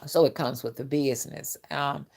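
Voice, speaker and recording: A woman's voice: very deep voice, fairly even intonation, normal speed, creaky, darkish tone, breathy edge. A woman, a spiritual reader talking in a blunt, graphic casual monologue and laughing along.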